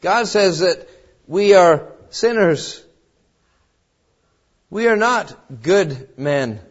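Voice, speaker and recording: A man's voice: high voice, animated, extremely slow. A man preaching a sermon in an earnest, tender way, often restarting his phrases. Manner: earnest, with tender quoted voices and frequent restarts. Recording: dull lo-fi recording.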